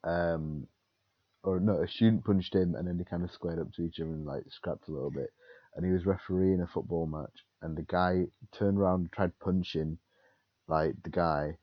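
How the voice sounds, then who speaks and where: A young man co-hosting a casual chat, telling animated stories and acting out quotes. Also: sits low, normal speed, breathy edge, no echo, highs cut off. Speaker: podcast co-host.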